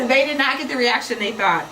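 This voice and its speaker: A woman's voice: sits high, unhurried. A woman hosting a casual crafting livestream, a chatty storyteller who laughs often. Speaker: craft show host. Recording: distant mic with faint noise.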